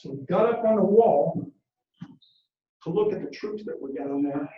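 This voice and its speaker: High-voiced man telling a dramatic story. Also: lively intonation, normal speed. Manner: dramatic, acts out quotes and shouts battle orders. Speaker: motivational speaker. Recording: echoey room, distant mic, dull lo-fi sound.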